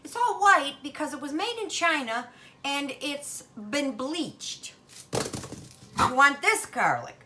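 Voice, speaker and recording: A woman's voice: high-pitched, lively intonation, slow pace, noisy background. An older woman hosting a home cooking demonstration in her kitchen, talking in a chatty, folksy Italian-American grandmother way.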